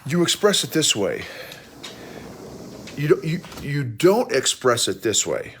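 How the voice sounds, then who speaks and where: A middle-aged man with a folksy, animated manner, talking to a phone camera outdoors in the snow and often restarting his words. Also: mid-range voice, measured pace, slightly rough. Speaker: leadership coach and podcast host. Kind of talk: casual outdoor talk to camera.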